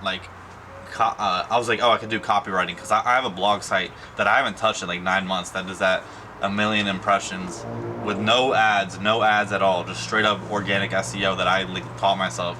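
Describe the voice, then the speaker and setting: A man's voice: sits low, steady tone, a little fast, noisy background. A young man talking in a casual personal vlog, rambling and emotional, with many fillers and restarts. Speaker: vlogger.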